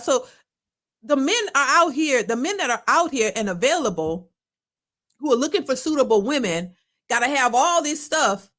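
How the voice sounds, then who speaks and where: Animated woman hosting a reaction video. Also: high-pitched. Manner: animated, colloquial, repeats herself. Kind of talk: casual commentary.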